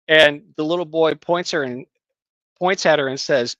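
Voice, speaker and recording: A middle-aged man, a writing teacher, telling a story in casual conversation, halting with many fillers and restarts. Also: fairly high pitch, fairly bright tone, dry recording, muffled recording. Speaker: guest, creative writing teacher.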